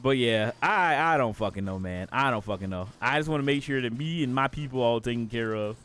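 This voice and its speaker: A man's voice: mid-range voice, a little fast, a bit bright. A man streaming a game live, rambling in profane, casual commentary and laughing often.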